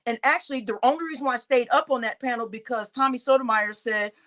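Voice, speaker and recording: A woman with a slightly high voice rants to her viewers in a loose, profane way. She tells the story in an animated style and keeps speaking directly to the audience. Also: quick pace. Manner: talks straight to her audience as y'all. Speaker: channel host. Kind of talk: casual venting to viewers.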